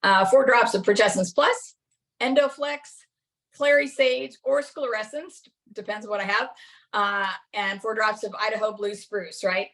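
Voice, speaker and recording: A woman's voice: medium pitch, fairly even intonation, a little slow, a bit bright. Chatty middle-aged woman teaching a class. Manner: chatty and anecdotal, laughs often. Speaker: class presenter. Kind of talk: casual teaching talk.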